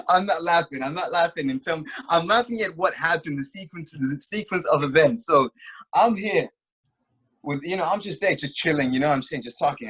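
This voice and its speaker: A man's voice: fairly high pitch, lively intonation, fairly quick, a bit bright, husky, rough recording. A man co-hosting a casual chat, telling a fight story with lots of filler phrases. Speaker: co-host.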